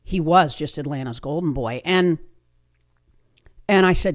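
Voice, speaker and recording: Energetic woman telling a motivational story. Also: low-pitched, a little slow. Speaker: podcast host. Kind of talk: motivational podcast talk.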